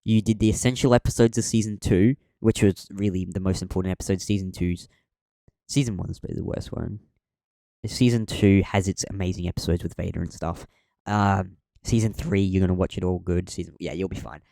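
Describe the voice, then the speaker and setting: A man's voice: sits low, fairly even intonation, fairly quick, gravelly, mellow, no room sound, clean studio sound. A young man co-hosting a podcast, chatting casually and rambling, with many ums and restarts. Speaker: podcast co-host.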